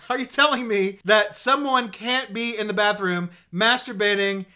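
A man's voice: sits high, moderate pace, hardly any pauses, bright, forceful tone. A man ranting profanely and sarcastically as he reviews a TV show, exasperated and scornful throughout. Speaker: TV reviewer vlogger. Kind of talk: ranting commentary.

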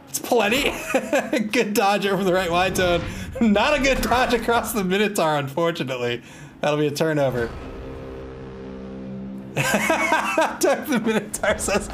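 A man's voice: high voice, animated, drawn-out words, pauses often, noisy background. A man doing casual play-by-play commentary on a match. He laughs often, is wry and self-amused, and groans in mock despair at the plays.

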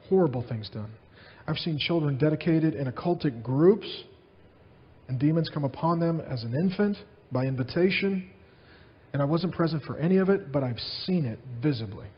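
A man preaching a sermon as pastor, telling stories in an animated way and repeating his phrases. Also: on the high side, dull audio.

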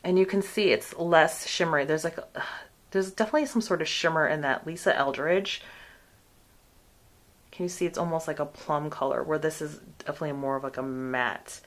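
A woman with a notably low-pitched voice talks through makeup swatches in a relaxed, chatty way. She fills her sentences with "like" and "um" as she compares products for her viewers. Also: brisk. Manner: chatty, many "like" and "um" fillers. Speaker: beauty vlogger. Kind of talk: casual product review.

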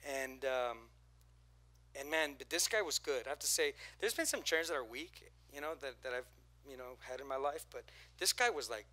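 A man's voice: medium pitch, animated, moderate pace, sharp tone. A man preaching a sermon as pastor, talking in a loose, storytelling way and getting the congregation to repeat lines to each other. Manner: conversational, storytelling with acted quotes and crowd prompts. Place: church auditorium.

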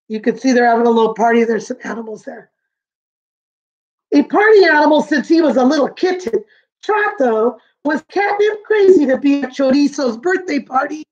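A woman kindergarten teacher reading a picture book aloud to children, gently explaining words and asking them questions. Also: high voice, lo-fi sound.

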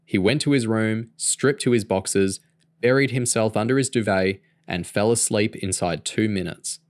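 A man reading a novel aloud in a steady, even storytelling manner. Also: on the low side, moderate pace, dry recording, clean studio sound. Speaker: audiobook reader.

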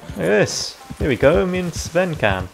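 A young man chatting casually over his gameplay, reacting out loud and swearing freely. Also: on the high side, big pitch swings, normal speed, creaky, faint music behind. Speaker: gaming video creator.

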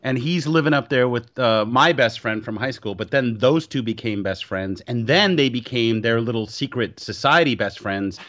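A man's voice: medium pitch, normal speed, few pauses. A man co-hosting a movie podcast who tells stories animatedly and swears freely. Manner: profane, animated storytelling with quoted voices. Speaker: podcast co-host. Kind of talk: casual podcast chat.

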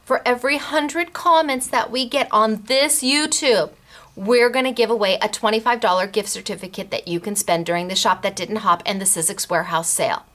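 A woman hosting a craft shop video show, chatting through announcements in a bubbly, giggly way and spelling out names and numbers slowly. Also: mid-range voice, fairly bright tone. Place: craft store.

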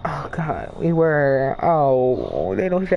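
A man's voice: fairly high pitch, very animated, creaky, muffled recording, a little hiss or hum. A male streamer giving live gameplay commentary, sulking and complaining, then shrieking and swearing in panic. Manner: slow, sulky complaining between outbursts. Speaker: streamer playing an online game. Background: game music.

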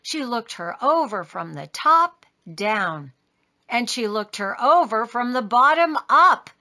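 A woman reading a children's story aloud in an expressive, sing-song way. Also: fairly high pitch, slow. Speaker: storybook reader.

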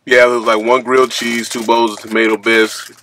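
A man's voice: medium pitch, level tone, brisk, bright, forceful tone, a little hiss or hum. Joking, slangy trucker man. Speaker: trucker vlogger. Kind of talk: casual chat. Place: truck or sandwich shop.

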